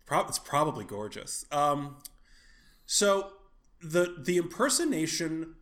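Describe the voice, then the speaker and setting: A man's voice: on the high side, big pitch swings, slow pace, a bit bright. A man co-hosting a podcast, talking in a rambling, casual way, restarting his sentences and swearing offhandedly. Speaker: podcast co-host.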